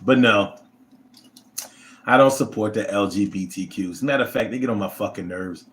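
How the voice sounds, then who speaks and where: A man's voice: on the low side, fairly quick, a bit bright. A man hosting a casual livestream who reads viewer comments and talks in a blunt, profane, rambling way. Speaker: livestream host reading chat.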